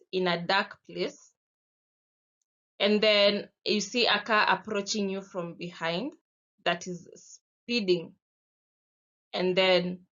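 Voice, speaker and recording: Kenyan woman teacher, slow and patient delivery, dull lo-fi recording; reads well for a classroom lesson. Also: medium pitch, a bit bright. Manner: slow, patient, explaining with spoken examples. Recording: dull lo-fi sound.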